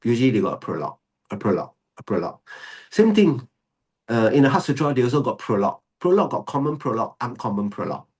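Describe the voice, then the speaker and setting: Husky-voiced male monk teaching. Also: medium pitch, very animated, quick pace, darkish tone. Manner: mixes English with Mandarin phrases, laughs often; repeats key phrases for emphasis. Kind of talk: dharma teaching talk.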